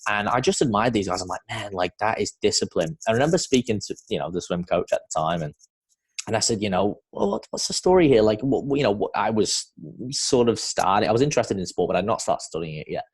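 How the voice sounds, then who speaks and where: Podcast host, male, from New Zealand; deep, husky voice, casual rambling delivery. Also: expressive, fast. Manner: rambling, lots of fillers.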